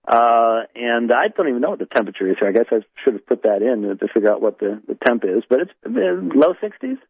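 A man's voice: medium pitch, fast talker, husky. This is an American man hosting a call-in radio show, drifting through casual chat full of "uh"s and restarts. His voice comes over a tinny, phone-like line with a dry, close sound and no room echo. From United States. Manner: rambling, many fillers and restarts. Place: indoors in a home in north London.

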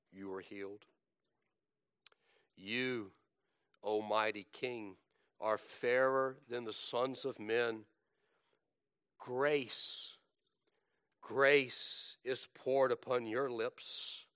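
A man delivering a sermon at a deliberately slow pace, reciting scripture with dramatic swells and hushed drops. His voice sits at an ordinary pitch, and the recording is dry and close. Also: clear, resonant tone, dry recording. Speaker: preacher.

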